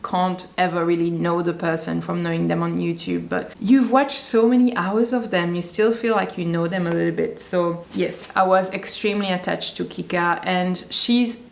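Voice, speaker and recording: A woman's voice: on the low side, creaky. A woman with a French accent, a sewing YouTuber chatting casually and enthusiastically to camera with rambling asides. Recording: roomy echo.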